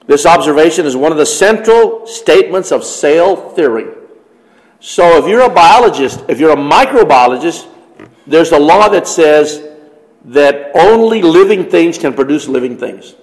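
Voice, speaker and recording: A man's voice: on the high side, animated, normal speed. A man giving an emphatic religious teaching talk on biology, with rising stresses as he tells a story. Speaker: Christian teacher lecturing on biology. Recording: long hall reverb.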